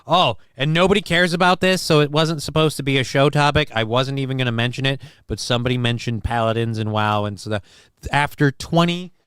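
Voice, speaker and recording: A man's voice: medium pitch, a little fast, a bit bright, clean tone, no room sound, studio quality. A man hosting a casual live-stream show, reading chat messages aloud and riffing on them in a crude, joking, rambling way.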